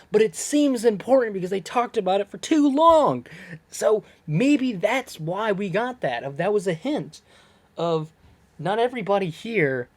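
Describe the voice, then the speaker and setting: A person casually recapping a TV episode, rambling, laughing often, losing track of words and getting excited when puzzled. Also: mid-range voice. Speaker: video creator reviewing a TV episode. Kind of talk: casual chatty episode breakdown.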